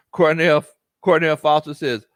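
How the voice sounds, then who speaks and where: A man's voice: a little high, slow pace, dry recording, studio quality. A man hosting a casual sports livestream, reading viewer comments aloud and laughing often. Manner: laughs often, Southern slang, animated reactions. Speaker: sports show host and coach.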